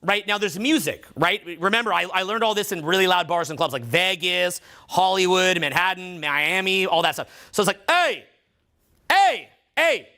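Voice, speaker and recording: High, bright-voiced male vocal coach. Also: a little fast, hardly any pauses. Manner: animated, acts out loud demonstration voices mid-explanation. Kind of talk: live workshop teaching. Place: workshop room with live students.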